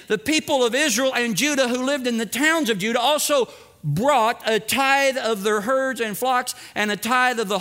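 A man's voice: very high voice, sharp tone. A middle-aged man preaching a sermon as pastor, emphatic and repeating phrases for effect, acting out small dialogues.

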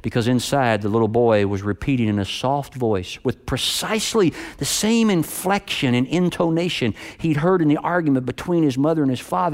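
A male preacher delivering a sermon, swinging from loud, high emphasis to low, hushed delivery. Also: a little fast, hardly any pauses.

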